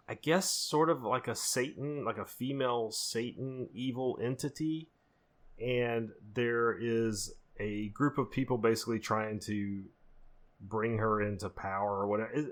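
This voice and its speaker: A man co-hosting a horror movie podcast, chatting casually and with excitement, full of fillers and restarts. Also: medium pitch. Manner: enthusiastic, rambling, lots of fillers. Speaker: podcast co-host. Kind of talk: casual chat.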